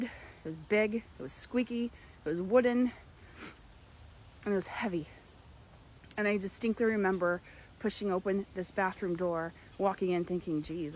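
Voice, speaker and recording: A young woman earnestly telling a personal story, with emphatic, dramatic pauses. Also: lowish voice, a little hiss or hum, rough recording. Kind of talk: personal story told to camera.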